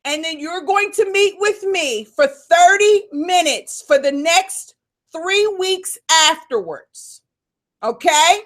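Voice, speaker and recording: A woman coach hosting a live Q&A call, fired up and loud, calling her listeners y'all. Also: very high voice, expressive, slow pace.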